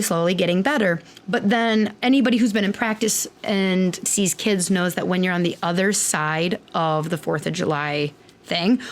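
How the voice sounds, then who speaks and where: A woman, hosting a podcast in casual, chatty personal talk full of fillers and quoted asides. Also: medium pitch. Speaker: podcast host.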